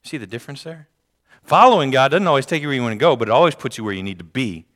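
A man's voice: medium pitch, animated, racing, a bit bright. A man preaching a sermon, reading scripture aloud and repeating key phrases for emphasis. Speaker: pastor. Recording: long hall reverb.

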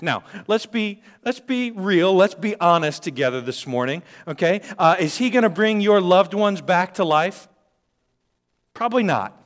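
A man's voice: high voice, big pitch swings, moderate pace. Dynamic male pastor preaching. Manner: dynamic, swings from quiet to loud; joking with the congregation. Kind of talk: sermon.

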